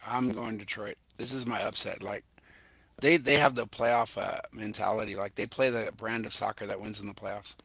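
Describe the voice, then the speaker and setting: A man's voice: on the low side, fairly even intonation, moderate pace, gravelly, a bit bright, husky. A man joining a casual sports podcast as a panelist, bold and playful with contrarian picks.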